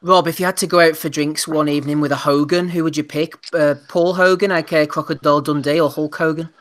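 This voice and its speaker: A man hosting a live boxing podcast, brisk and teasing, running through fight cards and reading out chat messages. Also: a little high, steady tone, a bit bright. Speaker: podcast host.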